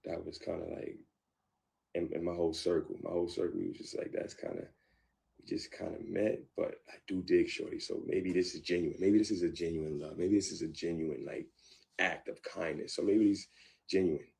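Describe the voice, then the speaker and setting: Deep gravelly man telling his story. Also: fairly even intonation, a little mellow. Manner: halting, repeats words and restarts often. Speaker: guest. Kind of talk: candid storytelling about a past relationship.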